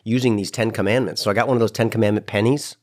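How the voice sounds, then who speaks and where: A man guest in casual podcast chat, telling a story with lively voiced-out quotes. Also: on the low side, rapid-fire. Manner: animated storyteller, acts out quoted lines.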